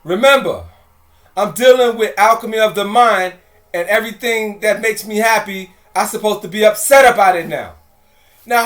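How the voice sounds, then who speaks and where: A man's voice: sits high, fairly bright tone. A man telling a story to his audience in a casual, chatty way, talking to them directly and repeating phrases. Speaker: presenter.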